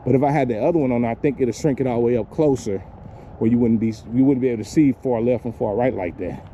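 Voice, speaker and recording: A man's voice: mid-range voice, quick pace, warm tone, slight background noise. A man with kids, vlogging casually while walking outdoors in a lakeside park, filming on a handheld phone, rambling loosely, cursing and laughing at his own jokes. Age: adult with kids. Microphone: handheld phone camera.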